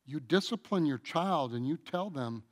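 Preaching a sermon, a middle-aged man draws out his phrases and swings from booming emphasis to hushed asides. His intonation is lively and his speed normal.

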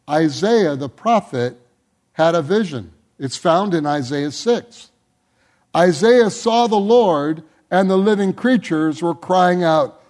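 High-voiced pastor man preaching slow, pushes up on repeated words then drops soft at the ends. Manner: emphatic, building intensity on repeated words. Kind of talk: sermon.

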